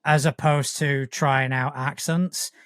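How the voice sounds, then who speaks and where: A man with a Yorkshire accent talks bluntly and wryly as a podcast co-host, swearing casually. His voice is bright and forward, recorded dry and close with no room sound. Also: mid-range voice, fairly even intonation, slow, dry recording. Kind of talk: casual chat.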